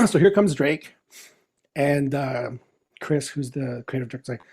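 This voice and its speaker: A middle-aged man, a comic writer appearing as a podcast guest, telling lively anecdotes and laughing as he acts out what people said. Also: medium pitch, measured pace, pauses often, breathy edge. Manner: animated, laughing storyteller who acts out quotes. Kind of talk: casual anecdotal storytelling.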